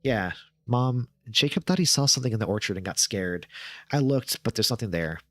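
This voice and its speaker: A man voicing a calm young girl who explains matter-of-factly to her mother. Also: lowish voice, a little fast, no echo, pitched above the performer's own voice. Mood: explaining.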